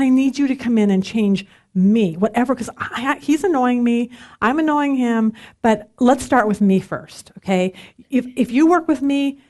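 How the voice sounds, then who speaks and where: A middle-aged woman teaching a women's Bible study in a chatty, self-deprecating way, laughing often. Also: high voice.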